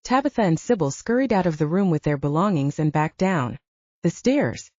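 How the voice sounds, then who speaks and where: A woman narrating a first-person audiobook in a steady, even reading. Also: on the low side, normal speed, no room sound, highs cut off.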